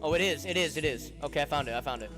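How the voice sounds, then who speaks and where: A man's voice: on the high side, rapid-fire, over music. A young man streaming, chatting casually and profanely, rambling and laughing often.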